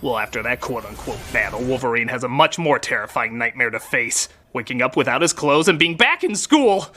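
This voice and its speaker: A middle-aged man hosting a comedic movie review, sarcastic and animated. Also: medium pitch, fairly quick. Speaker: host, film critic.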